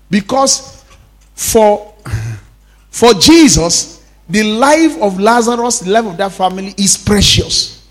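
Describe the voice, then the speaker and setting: A pastor preaches in a high, light voice, calling out to the congregation for responses and repeating key lines for emphasis. He talks in a way that moves between quick bursts and slow, drawn-out phrases. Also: very animated. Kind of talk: sermon.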